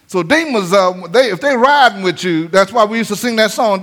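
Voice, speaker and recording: A man with a high, bright voice preaches a sermon. He drives his points home with rising sing-song cadences and sudden shouted lines. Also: fairly quick. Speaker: pastor.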